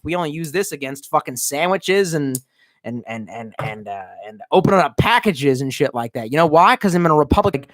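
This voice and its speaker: Brief: drunk male streamer from Baltimore, profane and mocking, lively swinging pitch, dry close sound. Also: brisk, dry recording. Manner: profane, mocking, shifts between yelling and muttering. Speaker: streamer reading chat. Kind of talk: casual livestream rant.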